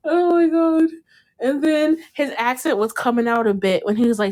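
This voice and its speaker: A woman hosting a podcast, chatting casually about a TV show, animated and laughing often, with casual swearing. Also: high voice, a little slow. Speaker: podcast host. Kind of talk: casual chat recapping a TV show.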